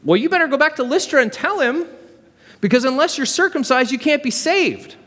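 A preacher doing a nitpicking heckler, thin and high, pressing his point with insistent, needling questions. His voice rings out with a long hall reverb. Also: expressive, brisk, a bit bright. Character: nitpicking man heckling from the back.

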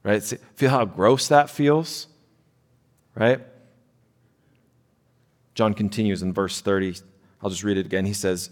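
Pastor preaching in a reverberant hall. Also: male voice, lowish voice, measured pace, pauses often. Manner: conversational preaching, frequent "right?" tag questions. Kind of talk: sermon.

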